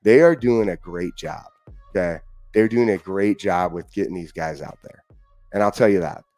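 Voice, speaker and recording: A man's voice: sits low, normal speed, darkish tone, no echo, soft background music. A man from the Northwest hosting a casual, upbeat live sports stream, greeting viewers in the chat and repeating himself often. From Washington state, US. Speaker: livestream host.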